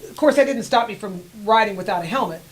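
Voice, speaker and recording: Lively woman telling road stories. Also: medium pitch, quick pace, rough recording. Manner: animated, laughs often, acts out quoted voices. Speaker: guest rider. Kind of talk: storytelling in a casual interview.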